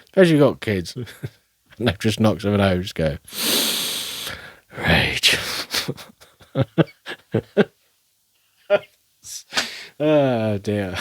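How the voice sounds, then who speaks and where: A man with a lowish voice talks slowly through a rambling solo chat. He mocks himself and laughs a lot, and the sound is dry and close. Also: animated, a little mellow, dry recording. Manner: rambling, self-mocking, laughs often. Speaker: podcast host. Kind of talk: casual solo monologue.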